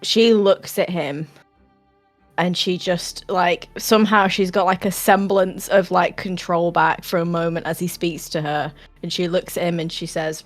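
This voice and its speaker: A woman playing in a tabletop game, reacting in an excitable, exclamatory way. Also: lowish voice, unhurried, faint music behind. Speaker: player. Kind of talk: casual chat in a tabletop game.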